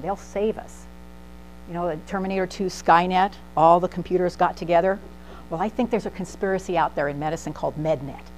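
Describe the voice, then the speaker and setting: A woman's voice: mid-range voice, low-quality recording. A middle-aged woman pharmacist giving a humorous talk, acting out voices in her stories. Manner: animated, acts out voices in anecdotes. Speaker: pharmacist speaker. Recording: faint mains hum.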